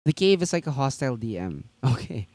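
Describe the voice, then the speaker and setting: A man's voice: medium pitch, sing-song, a little fast, darkish tone, no room sound. A man co-hosting a tabletop gaming news stream, chatting casually and rambling with lots of fillers and restarts.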